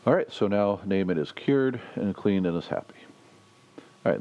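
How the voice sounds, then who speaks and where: A deep, mellow male pastor teaches a Bible study in an easy conversational way. He stops and restarts often and lifts his voice when he acts out the quotes. The recording is dull and lo-fi. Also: animated, moderate pace.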